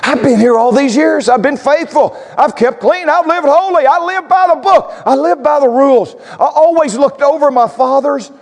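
Performed by a man in the middle of a sermon, this is a wounded older brother airing every grievance. The voice rides very high and strained, indignant and pleading. It sounds in a big space with a long echo. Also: moderate pace, hardly any pauses. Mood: aggrieved. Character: resentful dutiful older son, young man.

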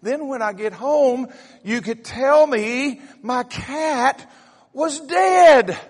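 High pitched scolding wife, a preacher doing her, drags words out, long church echo. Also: unhurried. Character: fussy wife scolding her husband over phone.

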